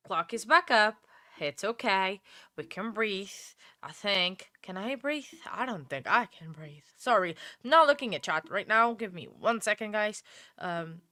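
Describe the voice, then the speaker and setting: A woman's voice: medium pitch, bright, forceful tone, no room sound, studio quality. A woman hosting a live stream, talking casually and thinking aloud with many fillers and restarts. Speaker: livestream host.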